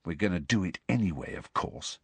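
A man voicing a level-headed teenage boy who speaks quietly and plainly. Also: medium pitch, very animated, normal speed, no room sound.

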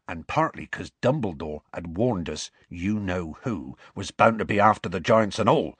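A man voicing a huge rough-spoken half-giant gamekeeper with a folksy country dialect and dropped letters, telling a story at an unhurried pace. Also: fairly low pitch, no room sound.

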